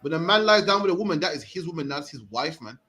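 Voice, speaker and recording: A man's voice: on the high side, animated, quick pace, bright, forceful tone. A British man in his thirties preaching in the street, emphatic, tagging "man" onto his sentences. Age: 30s. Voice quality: emphatic, repeats "man" at line ends.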